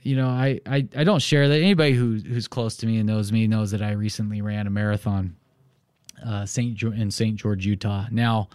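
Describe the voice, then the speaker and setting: This real estate podcast host has a clear, resonant voice on the low side and speaks at a normal speed. He tells animated stories in a casual solo monologue, peppered with "you know." The recording is studio quality, with no room sound.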